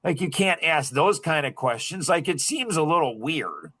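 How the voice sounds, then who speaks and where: Brief: man in his sixties, a touch high-pitched, rambling podcast guest who keeps cutting himself off mid-thought. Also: expressive, pushed and bright. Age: 60s. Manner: rambling, self-interrupting, with quick laughs. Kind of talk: casual storytelling.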